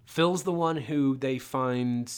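Homem animado discutindo um filme. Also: male voice, mid-range voice, slow, clear, resonant tone. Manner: excited, swears freely. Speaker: podcast co-host. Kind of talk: casual movie discussion.

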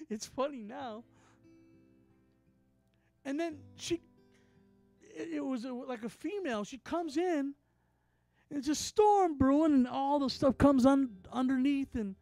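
A man who is a traveling minister, telling a story in a sermon with animated, acted-out dialogue. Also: very high voice, slow pace, long pauses, soft background music.

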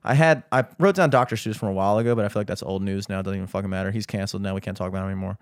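A man's voice: on the low side, steady tone, rapid-fire, no room sound, studio quality. A young man hosting a podcast, chatting casually in a rambling, profane, ranting way. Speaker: podcast host. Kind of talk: casual chat.

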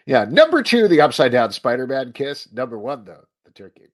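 A man's voice: medium pitch, big pitch swings, brisk. A man hosting a casual live-streamed talk show, playful and teasing, reading out viewer questions. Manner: playful, teasing, laughs easily.

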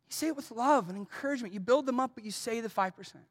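A man's voice: very high-pitched, quick pace, hardly any pauses. A man preaching a sermon as pastor, earnest and personal, asking his congregation direct questions and telling stories from his own life.

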